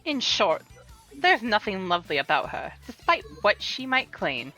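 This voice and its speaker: A woman plays a proud young rival fighter with a Southern drawl, a sore loser who turns slyly curious. Her voice is bright and sharp, swooping widely in pitch. Faint game music plays behind her. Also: very animated, normal speed. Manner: indignant, then slyly curious. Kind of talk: voicing game dialogue on a live stream.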